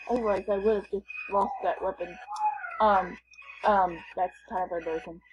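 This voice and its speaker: A woman's voice: medium pitch, measured pace, muffled recording, a little hiss or hum. A woman gamer giving casual, playful commentary as she plays, chatting and thinking aloud. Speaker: gamer vlogger.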